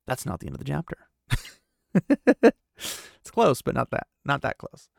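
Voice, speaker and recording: A man's voice: mid-range voice, big pitch swings, moderate pace, creaky, dry recording, studio quality. A young man casually recapping a book chapter, chatty, paraphrasing the characters and laughing at his own slips. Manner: chatty, paraphrases with "he's like", self-corrects and laughs. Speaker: podcast host recapping a book. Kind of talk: casual book recap with read-aloud quotes.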